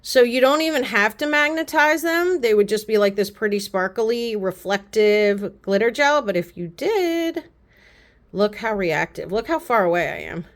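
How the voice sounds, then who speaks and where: A woman with a fairly high voice chats casually to her camera. She gushes and rambles, drifting into quick self-aware asides. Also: animated. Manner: chatty and gushing, repeats "pretty" often. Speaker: beauty vlogger. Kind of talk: casual haul chat to camera.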